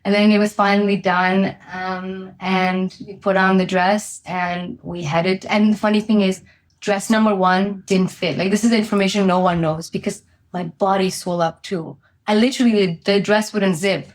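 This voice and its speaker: A woman's voice: mid-range voice, moderate pace. Candid woman telling a personal story. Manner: candid, animated storytelling with many fillers. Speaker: guest, company founder.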